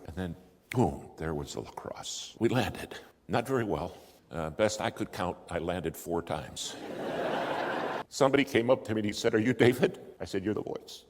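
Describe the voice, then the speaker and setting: A man's voice: sits low, expressive, moderate pace. A man preaching in a storytelling way, animating the voices in his story, recorded in a large hall. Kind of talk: storytelling sermon. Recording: long hall reverb.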